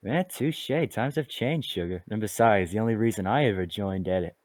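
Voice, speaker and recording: A man's voice: on the low side, expressive, normal speed, darkish tone, no echo, close to an everyday voice. Man voicing a sly female bat thief. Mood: smug. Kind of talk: amateur fan voice acting.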